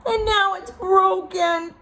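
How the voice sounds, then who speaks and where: A woman's voice: slow, bright, forceful tone, heavily acted. A woman voicing a tiny, frightened boy bear cub who whines and stutters, in a storybook reading. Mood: whiny. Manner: squeaky, stuttering, whiny. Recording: echoey room.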